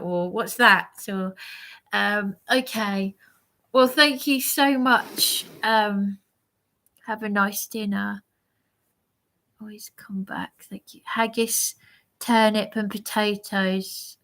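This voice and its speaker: Tired woman on a livestream, slow and gravelly, keeps restarting her sentences. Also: medium pitch, pushed and bright. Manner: rambling, hesitant, many restarts. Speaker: livestreamer reading chat. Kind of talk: casual live chat.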